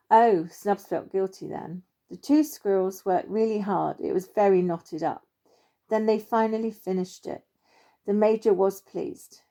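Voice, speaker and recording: A woman narrating a children's story in a gentle, expressive read-aloud manner. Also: medium pitch, unhurried.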